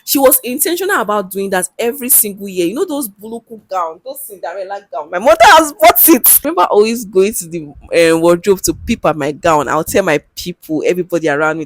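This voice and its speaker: A medium-pitched, sing-song voice moves fairly quickly as a young Nigerian English-accented vlogger talks candidly to camera. She's chatty, laughs easily in bursts and uses local slang, all in a dry recording.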